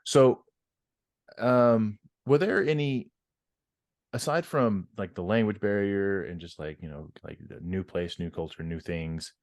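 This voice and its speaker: Very deep-voiced man hosting a podcast. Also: darkish tone, dry recording, clean studio sound. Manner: measured, many ums and restarts. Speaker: podcast co-host, army veteran. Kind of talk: casual chat.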